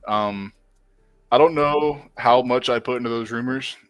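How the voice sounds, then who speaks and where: A man guest on a casual sports talk show, measured and explaining at length. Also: medium pitch, fairly bright tone, no room sound.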